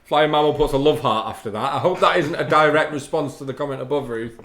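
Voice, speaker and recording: An Irish man co-hosting a live hobby stream chats casually, reads viewer comments aloud, and laughs easily. His voice is a little high and fairly bright, and he talks quickly. The room sounds roomy, with faint background noise.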